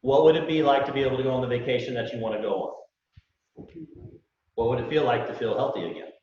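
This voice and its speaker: A man gives a live sales pitch to a room of recruits, folksy and full of rhetorical questions, acting out little dialogues. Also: quick pace, slight background noise. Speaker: business owner presenting to recruits. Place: large event room with live audience. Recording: echoey hall, distant mic, dull lo-fi.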